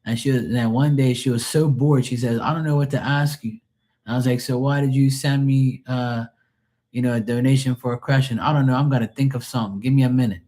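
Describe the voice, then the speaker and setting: On a live stream, a man with a medium-pitched, brisk voice reads tarot. Chatting casually, he tells blunt, profane stories and mocks the people he quotes, all in an animated way.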